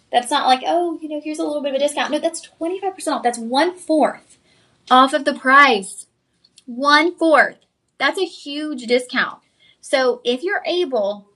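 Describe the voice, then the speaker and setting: Upbeat shopping host, woman, slightly high voice, chatty live pitch. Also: a bit bright. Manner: upbeat, chatty, says "y'all".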